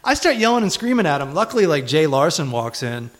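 A man hosting a podcast, telling a stand-up story in profane, animated bursts that climb toward shouting. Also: a little high, fast. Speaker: podcast host and stand-up comedian. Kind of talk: casual podcast chat.

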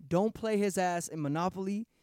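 A man co-hosting a casual podcast, ranting loudly and swearing constantly. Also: high voice, moderate pace, clean tone, dry recording, clean studio sound. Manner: loud, profane, animated ranting. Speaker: podcast co-host. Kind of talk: casual chat.

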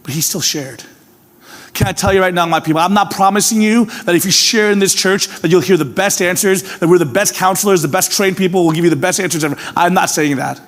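Male pastor, sermon, earnest, emphatic then hushed, higher voice, long hall reverb. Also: fast talker. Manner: earnest, swings from emphatic to hushed, repeats "can I tell you".

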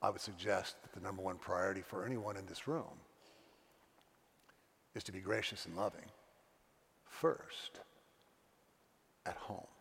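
A middle-aged pastor preaching a sermon, earnest and confessional, telling stories with voiced quotes. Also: male voice, sits low, unhurried, gravelly, long pauses, fairly bright tone, husky. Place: church sanctuary. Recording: long church reverb.

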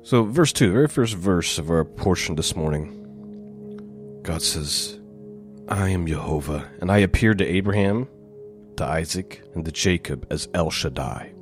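A man giving a relaxed, conversational Bible teaching, reading scripture aloud with rising emphasis. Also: deep voice, normal speed, soft background music. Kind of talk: conversational Torah portion teaching.

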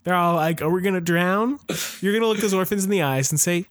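A male podcast co-host bantering playfully with quick laughs. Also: sits high, a bit bright, dry recording, clean studio sound.

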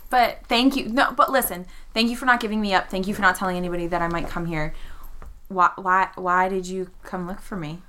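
A woman's voice: lowish voice, steady tone, fairly quick, sharp tone, slight background noise. A woman voicing a hunted woman who pleads her case earnestly and insistently.

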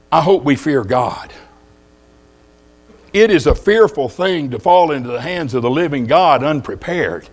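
Folksy older preacher, lively high voice. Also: male voice, a little slow. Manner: folksy storytelling with jokes. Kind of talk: sermon.

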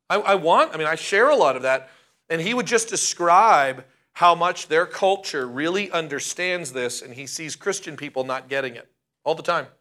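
A male pastor preaching a sermon, emphatic and slowing down to stress key words. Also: a little high, pushed and bright.

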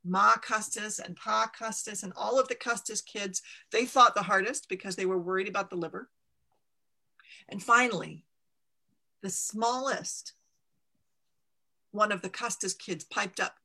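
A woman reading a storybook aloud in a lively, expressive way. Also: mid-range voice, measured pace, vocal fry, long pauses.

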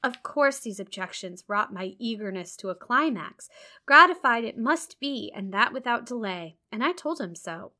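A woman's voice: a little high, expressive, moderate pace, bright, forceful tone. A woman reading a classic first-person novel aloud expressively, with casual amused asides between passages. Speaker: reader.

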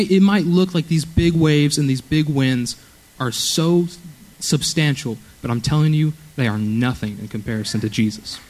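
A man's voice: mid-range voice, rough recording. A young man preaching at a church youth service, earnest and conversational, often checking in with "okay?". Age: young adult. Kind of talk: sermon.

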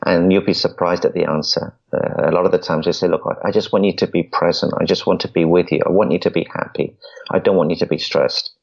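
A man's voice: deep voice, fairly even intonation, fast, vocal fry, breathy edge. A man, a podcast guest, telling his story in an earnest way and often repeating words as he starts a sentence. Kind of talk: storytelling interview. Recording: dull lo-fi audio.

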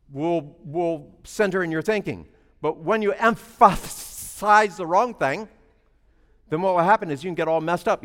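A man preaching a sermon, telling a story and then building to loud, emphatic preaching. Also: sits high, long reverb tail.

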